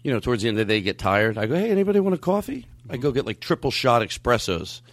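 A man hosting a comedy podcast in a studio with a live band, amped up on coffee, animated and swearing freely as he slips in and out of joke voices. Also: lowish voice, very fast, no echo. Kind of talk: loose comedic banter.

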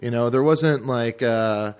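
A man co-hosting a podcast in casual chat, rambling and halting with lots of filler words. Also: medium pitch, darkish tone, smooth. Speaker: podcast co-host.

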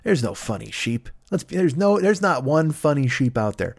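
A man's voice: a little high, sing-song, normal speed, creaky, dry recording, clean studio sound. A man hosting a podcast, retelling a fable as a rambling, profane comic story. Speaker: podcast host.

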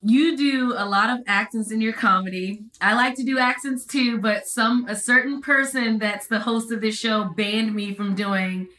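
Bright-voiced woman in a roomy studio. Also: on the high side, fairly even intonation, normal speed, few pauses. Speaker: co-host. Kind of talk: casual interview chat. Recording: roomy echo.

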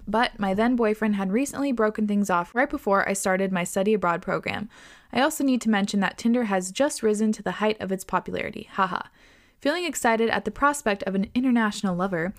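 Woman host reading listener letters, lively and swearing, laughs often, mid-range voice. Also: medium pitch. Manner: animated, expressive, swears often, laughs a lot. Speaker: podcast host. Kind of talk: reading listener stories, casual chat.

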